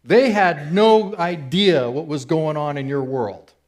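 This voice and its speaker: A middle-aged man delivering a sermon to his church like a friendly conversation. His voice sits a little on the high side, and he retells the story with plenty of animation, jumping into loud, excited voices for its characters. Between those bursts he drops back into an easy, casual tone. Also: slow pace. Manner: conversational storyteller who acts out characters with big swings into excited shouts. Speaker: speaker at a church service. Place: church hall.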